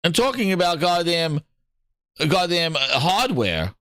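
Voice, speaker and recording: A man hosting a gaming show, talking in casual, opinionated commentary. He swears freely, mocks other people in put-on voices and gets excited as he reads. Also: on the high side, a little slow, dry recording, studio quality. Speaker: gaming podcast host.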